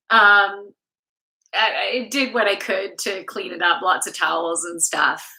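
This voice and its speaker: A woman's voice: medium pitch, steady tone, unhurried, sharp tone, poor audio. A woman from Canada, a yoga instructor, chatting casually and candidly on a live stream from home, swearing freely and laughing often. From Canada, Toronto. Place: home room.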